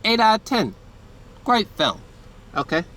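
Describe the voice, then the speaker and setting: A man's voice: high-pitched, sing-song, unhurried, a bit bright. A man giving a casual, rambling film review from a hot room indoors, full of fillers and swearing. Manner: rambling, frequent fillers and profanity. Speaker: movie reviewer.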